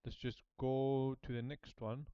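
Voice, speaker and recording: Give me a man with a smooth voice repeating lesson phrases, recorded dry. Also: mid-range voice, little pitch movement, unhurried, dry recording, highs cut off. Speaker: language learner.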